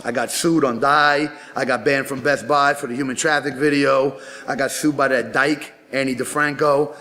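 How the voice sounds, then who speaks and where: A male rapper talks loosely through an interview, his voice sitting a bit higher than most men's. He tells his stories with a cocky, swaggering edge and swears all the time. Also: a bit bright. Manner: profane, boastful storytelling. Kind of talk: casual interview talk.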